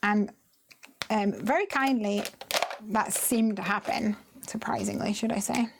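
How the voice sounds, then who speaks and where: A woman's voice: medium pitch, measured pace, creaky, noisy background. A woman hosting a card making live stream, chatting and telling stories with frequent laughs. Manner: chatty storytelling, laughs often. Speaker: craft live stream host. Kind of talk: casual chat while card making.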